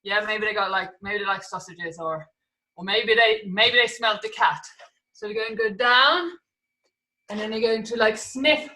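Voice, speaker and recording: A woman's voice: mid-range voice, normal speed, sharp tone. A woman teaching an online acrobatics class to children, calling out moves, counting and making animal sounds. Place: room at home, video class. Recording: echoey room, distant from the mic.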